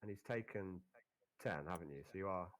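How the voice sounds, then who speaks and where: A man's voice: low voice, a little fast, poor audio. A man running a tabletop game and checking rules as he goes, often stopping and restarting. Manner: hesitant, lots of restarts while checking rules. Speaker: game master.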